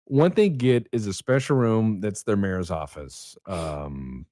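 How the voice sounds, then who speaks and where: A man's voice: on the low side, expressive, slow pace, mellow, dry recording, studio quality. A young adult man, a podcast guest, telling rambling, profane stories in casual chat.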